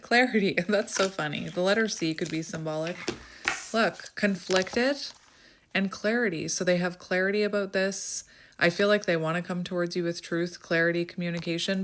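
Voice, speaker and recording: A woman doing a casual tarot reading to camera, chatty and thinking aloud as she draws cards, with frequent laughs and bursts of excitement. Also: medium pitch, a little hiss or hum. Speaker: tarot reader.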